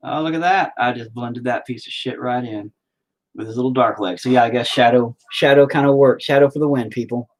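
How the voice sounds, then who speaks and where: Brisk and medium-pitched, this man talks as he paints for his vlog, wandering from topic to topic, cursing freely and making jokes at his own expense.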